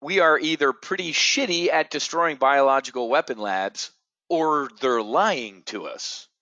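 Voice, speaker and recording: A middle-aged man hosting an options trading show, ranting in a blunt, profane, sarcastic way that swings from low muttering to loud outbursts. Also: measured pace, no echo, muffled recording. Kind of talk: ranting monologue.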